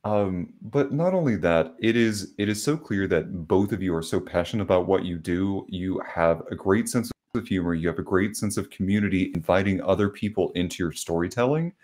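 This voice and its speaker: A man from South Carolina hosting a podcast, chatting casually and telling stories at an unhurried pace with many filler pauses. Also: low-pitched, a little mellow. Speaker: podcast host. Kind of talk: casual conversation.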